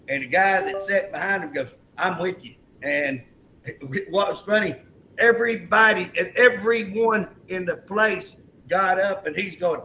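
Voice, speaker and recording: High, bright-voiced emphatic male host. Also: moderate pace, a little hiss or hum, poor audio. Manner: emphatic, repetitive storyteller acting out quotes. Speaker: talk show host. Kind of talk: political talk show chat.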